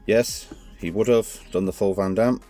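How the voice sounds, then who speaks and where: A man's voice: on the low side, steady tone, moderate pace, dark tone, faint music behind. A man casually reviewing toys hands-on, chatty and rambling, often correcting himself mid-sentence. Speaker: toy reviewer.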